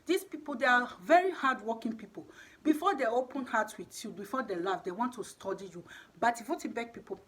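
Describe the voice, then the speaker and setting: Husky-voiced woman, emphatic and exhorting. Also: a little high, animated, fairly quick, a bit bright. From Nigeria. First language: Edo. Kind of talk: impassioned monologue.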